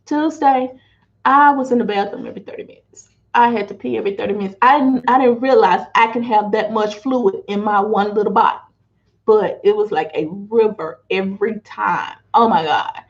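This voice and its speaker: A woman talking casually to camera, chatty and unhurried as she walks through her daily meal plan. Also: medium pitch. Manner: chatty, unhurried, showing food items to camera. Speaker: financial wellness coach sharing diet vlog. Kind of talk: casual chat. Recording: dull lo-fi home video audio.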